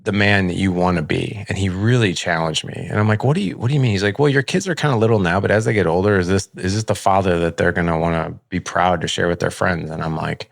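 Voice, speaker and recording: A middle-aged podcast host rattles through a personal story fast and with few pauses, his low voice gravelly. Casual and candid, he fills it with "like" and plays out the dialogue. Dry, studio-quality recording.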